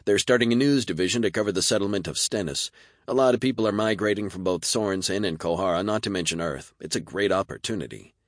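A man's voice: deep voice, fast, no echo, studio quality, voice pushed up, close to an everyday voice. A man doing a breezy young cameraman. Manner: breezy, upbeat. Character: cheerful young adult male videographer.

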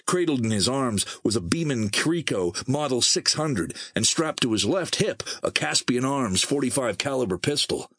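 Male narrator, expressive scripted reading, breathy tone, dry close sound. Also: lowish voice, normal speed, no room sound. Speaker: audiobook narrator.

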